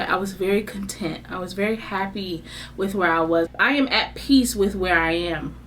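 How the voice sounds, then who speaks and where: A woman in her thirties venting in a candid casual chat, swinging between low subdued lines and high exasperated bursts, laughing through her frustration. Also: a little hiss or hum. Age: 30s. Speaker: vlogger.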